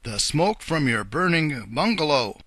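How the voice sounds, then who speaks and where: A man voicing kindly old Mother Goose, who speaks gently and matter-of-factly. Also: on the high side, very animated, unhurried, breathy edge, no room sound, pitched above the performer's own voice, heavily acted. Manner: gentle, matter-of-fact storyteller's tone.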